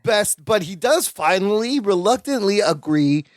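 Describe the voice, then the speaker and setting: A woman co-hosting a podcast in casual chat, recapping a sitcom with animated retelling and quoted lines. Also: mid-range voice, measured pace, dry recording, studio quality. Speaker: podcast co-host.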